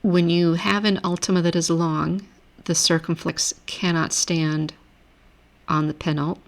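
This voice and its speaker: Low-voiced woman teaching Greek grammar. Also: measured pace, creaky. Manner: relaxed, self-correcting explanations. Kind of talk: recorded lecture over screen.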